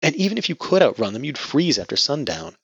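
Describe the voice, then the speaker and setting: A man's voice: a little high, sing-song, quick pace, creaky, a bit bright, husky, dry recording, voice pushed up, exaggerated voice. A man doing a timid, sheltered young woman. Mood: earnest. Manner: earnest, startled questioning. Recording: dull lo-fi audio.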